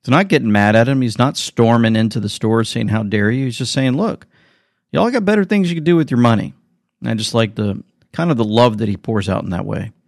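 A man's voice: medium pitch, vocal fry, no echo, clean studio sound. A man hosting a show, talking in an earnest, chatty commentary style with a preachy edge. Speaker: show host. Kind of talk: casual commentary.

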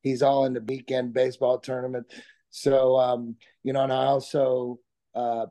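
Middle-aged guy, gravelly and dark, stammers a bit, laughs easy, casual guest chat. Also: medium pitch, little pitch movement, moderate pace. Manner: laid-back, stammers and restarts, laughs often. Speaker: guest, comedian and jiu-jitsu instructor.

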